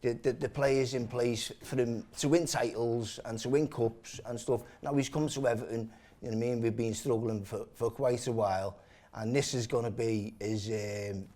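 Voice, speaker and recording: A man's voice: mid-range voice, fairly even intonation, normal speed, mellow. A man arguing passionately for his football club, stammering through restarts and swearing freely. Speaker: football fan guest. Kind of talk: heated football debate.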